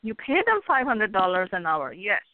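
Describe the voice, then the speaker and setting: A woman's voice: medium pitch, very animated, normal speed. Earnest woman giving advice by phone. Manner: earnest, advising, tells folksy stories. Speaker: guest, author and hypnotherapist coach. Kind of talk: casual interview talk. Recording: phone line with faint noise.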